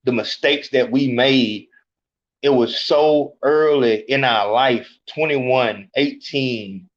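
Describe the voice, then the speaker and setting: Slow-talking guy on a podcast, blunt and preachy, kinda muffled lo-fi sound. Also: medium pitch. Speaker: podcast host. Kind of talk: casual street commentary. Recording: dull lo-fi sound.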